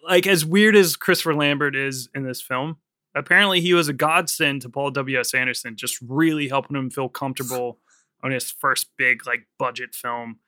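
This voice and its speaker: A man co-hosts a film podcast, swearing freely, laughing often and sharing behind-the-scenes production trivia in casual chat. His mid-range voice moves at a normal speed with a sharp edge. The recording is studio quality with no room sound.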